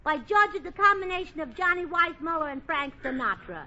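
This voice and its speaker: A woman's voice: extremely high pitch, expressive, fairly quick, bright, forceful tone. Bubbly scatterbrained woman on vintage radio. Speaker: comedienne on a radio comedy show. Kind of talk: 1940s radio comedy. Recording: hissy lo-fi vintage radio recording.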